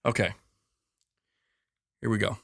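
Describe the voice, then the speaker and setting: A man's voice: on the low side, level tone, slow pace, creaky, husky, dry recording, clean studio sound. A man hosting a gaming news show in casual chat, rambling, exasperated and jokey.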